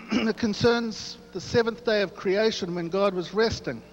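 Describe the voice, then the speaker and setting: A man's voice: sits high, measured pace. Dry-humored New man. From New Zealand. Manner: dry, joking storyteller. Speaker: after-dinner speaker. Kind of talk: humorous after-dinner speech. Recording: echoey hall, dull sound, faint hum.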